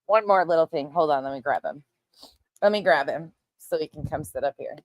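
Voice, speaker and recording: A woman's voice: low voice, a little fast, no room sound. A middle-aged woman hosting a casual livestream chat, talking loosely, laughing often and swearing freely. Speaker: livestream host.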